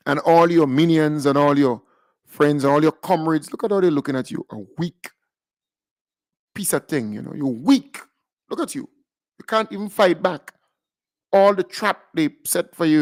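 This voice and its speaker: A man with a Grenadian accent, hosting a radio show, giving mocking political commentary in a teasing, sing-song tone of fake pity with drawn-out taunts. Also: a little high, animated, darkish tone, no echo.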